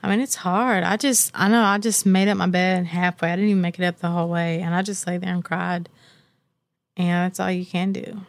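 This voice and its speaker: A woman in her thirties talks candidly as an interview guest, earnest and reflective. Her voice has a gravelly, creaky edge. The sound is dry and close. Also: lowish voice, steady tone, brisk, no room sound. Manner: earnest and reflective, speaks with faith and conviction.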